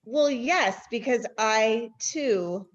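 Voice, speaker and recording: A woman's voice: fairly high pitch, very slow, lo-fi sound. A woman in her thirties co-hosting a podcast, telling a story in a candid, self-deprecating way with frequent laughs and sighs. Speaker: podcast co-host. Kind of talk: casual chat.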